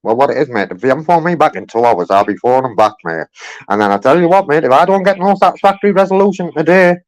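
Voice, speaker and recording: A man's voice: fairly high pitch, lively intonation, quick pace, no echo, rough recording. A man making a heated phone complaint, insistent and repetitive, filling his talk with "you know what I mean". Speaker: caller.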